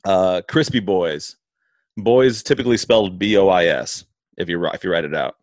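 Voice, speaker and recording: A man's voice: low voice, moderate pace, no room sound, studio quality. A man chatting casually, laid-back, laughing often and swearing, with stumbling restarts. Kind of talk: casual chat.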